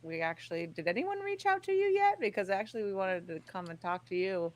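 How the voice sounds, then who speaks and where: A woman's voice: medium pitch, lively intonation, brisk. A woman in her thirties chatting as an interview guest, rambling and leaning on fillers like "like". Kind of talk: casual interview chat.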